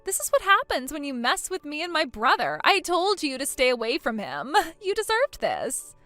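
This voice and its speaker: Bratty, mocking young sister-in-law voiced by a woman for a text-message drama; high, swooping pitch, dry close sound. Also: very animated, normal speed, bright, forceful tone, no room sound, faint music behind, exaggerated voice. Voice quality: mocking, whiny. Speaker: voice actor.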